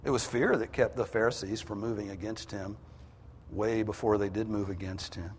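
A man preaching a sermon, emphatic, rising in pitch and force to drive his points home. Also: fairly even intonation, normal speed, darkish tone, big-room sound, a little hiss or hum.

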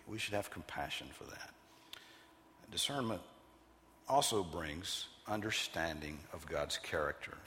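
A man preaching an expository sermon, teaching with an emphatic, measured cadence. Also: sits low, sharp tone, in a large hall, slight background noise.

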